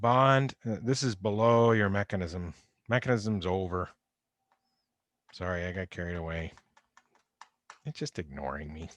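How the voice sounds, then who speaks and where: A man's voice: sits low, measured pace, long pauses, fairly bright tone, no room sound. A man teaching an online chemistry lecture in a conversational way, repeating key points and stressing warnings. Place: home or office on a video call. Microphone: computer microphone.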